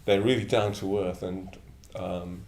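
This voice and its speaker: A deep-voiced man in his seventies from Middlesbrough in northern England speaks steadily, a little slowly and a touch mellow. He's a Buddhist order member sharing blunt, rambling, reflective anecdotes punctuated by chuckles, recorded in an echoey room with faint ambience and slight background noise.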